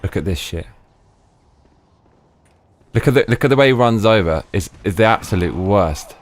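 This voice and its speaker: Deep-voiced guy doing let's play commentary, swears a ton, keeps restarting, faint hiss. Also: normal speed. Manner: excitable, swears a lot, restarts sentences. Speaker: gaming streamer.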